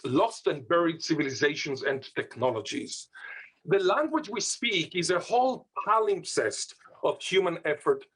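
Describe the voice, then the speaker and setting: Husky-voiced man giving a scholarly lecture. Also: a little high, fairly bright tone. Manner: scholarly, with playful asides. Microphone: video call.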